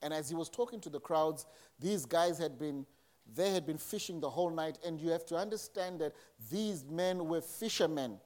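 Male pastor, slightly high voice, chatty sermon delivery with acted-out quotes. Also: normal speed, darkish tone. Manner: conversational preaching with acted quotes.

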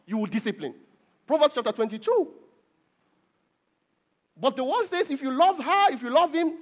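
A middle-aged man preaches with a high, bright voice. His pitch swings widely, leaping up on key words and sinking low on asides. He presses his points home with emphatic repetition. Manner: preachy, rising to emphatic peaks with repeated words. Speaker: pastor. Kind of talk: sermon.

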